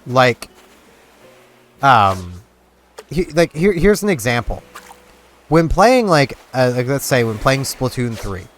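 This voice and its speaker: A man's voice: mid-range voice, sing-song, slow pace, long pauses, a little hiss or hum. Rambling, chatty Canadian man. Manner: rambling, chatty, with frequent fillers and restarts. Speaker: gaming video host. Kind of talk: casual gameplay commentary. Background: game music.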